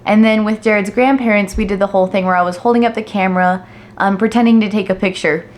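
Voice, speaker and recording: A young woman narrating a family vlog in a chatty, storytelling way with quick asides. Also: mid-range voice, fairly even intonation. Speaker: family vlogger.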